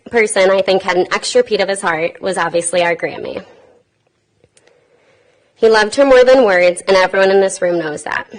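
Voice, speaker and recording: A woman's voice: medium pitch, low-quality recording. Woman in her twenties giving a heartfelt eulogy. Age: 20s. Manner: heartfelt, tender, with light humor. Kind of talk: read eulogy. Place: funeral chapel.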